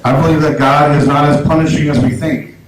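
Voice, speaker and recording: Halting man doing stand-up in an echoey club. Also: a little high, level tone. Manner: halting, self-deprecating delivery with many restarts. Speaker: stand-up comedian. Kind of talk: stand-up comedy set. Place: small comedy club. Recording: echoey club room, audible noise, poor sound.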